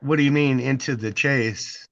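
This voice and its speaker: A man's voice: medium pitch, steady tone, moderate pace, creaky, a bit bright, no room sound. A man chatting casually as a guest, laid-back and giving short replies. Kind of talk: casual chat. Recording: dry, dull lo-fi sound.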